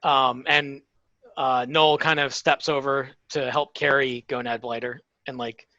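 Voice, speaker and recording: A man narrating a tabletop game as game master, in a halting way with many fillers. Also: mid-range voice, level tone, bright, forceful tone, no room sound, highs cut off.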